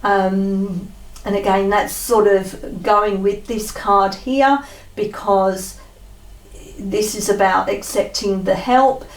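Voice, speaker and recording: Slow-spoken woman reading oracle cards. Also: mid-range voice, steady tone. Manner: slow, gentle, pausing with fillers. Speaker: tarot card reader. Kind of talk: spiritual oracle card reading. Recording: roomy sound from a distance.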